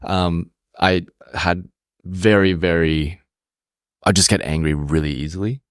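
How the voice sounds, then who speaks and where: A man's voice: deep voice, fairly even intonation, unhurried, dry recording, studio quality. Hesitant podcast co-host man from Canada. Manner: hesitant, lots of fillers. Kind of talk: casual chat.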